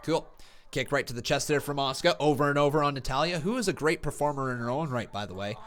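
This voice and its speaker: Speaking quickly in a mid-range voice, a streamer chats casually with his live reaction audience and bursts into excited play-by-play shouting. His speech is slightly affected by a sore tongue.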